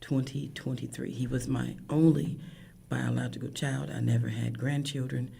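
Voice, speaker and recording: A woman in her fifties, a grieving mother, tells her story emotionally, her voice cracking and often falling to a hushed whisper. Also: a bass voice, fairly even intonation, moderate pace, creaky, slightly rough. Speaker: guest, bereaved mother. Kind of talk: emotional personal account.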